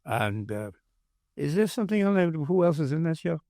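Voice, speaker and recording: A man's voice: on the high side, very animated, normal speed, mellow, no echo, studio quality. A man from Brooklyn, a guest in casual chat, talking in a chatty, joking way. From Brooklyn, New York.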